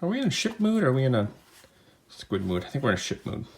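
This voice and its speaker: A man's voice: medium pitch, huge pitch swings, fast talker, vocal fry, a little hiss or hum. A man hosting a casual unboxing video, chatting in a rambling way with jokey asides from a home room with a desk camera. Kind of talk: casual unboxing and beer tasting chat.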